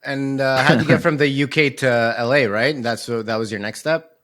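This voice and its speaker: A man co-hosting a podcast, laid-back and quick with short reactions. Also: medium pitch, steady tone, a bit bright. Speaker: podcast co-host. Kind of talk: casual chat.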